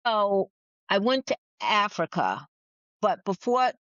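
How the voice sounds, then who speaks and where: A woman's voice: medium pitch, big pitch swings, unhurried, a bit bright, dry recording. A woman podcast guest who is a speaker and author. She reads a letter to her younger self earnestly, then chats candidly. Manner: earnest and affirming when reading, chatty and candid when talking. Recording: dull lo-fi audio.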